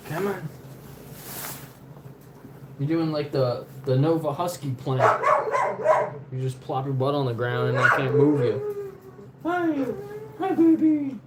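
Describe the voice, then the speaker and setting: A man talking casually to his dog and her puppies at home, coaxing and playful. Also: heavy background noise. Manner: coaxing, playful, talks to the dog in a high baby voice at times. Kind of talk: casual talk to pets.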